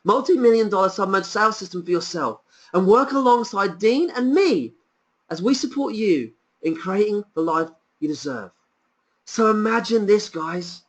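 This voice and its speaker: A man presenting a sales pitch on a webinar, enthusiastic and persuasive, piling up rhetorical questions.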